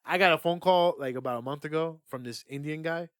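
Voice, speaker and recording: A young man co-hosting a podcast, telling stories in an excitable, swearing, casual way. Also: on the high side, a little fast, smooth, no room sound, studio quality. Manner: excitable, swears a lot, laughs through punchlines. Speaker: podcast co-host. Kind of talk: casual chat, animated storytelling.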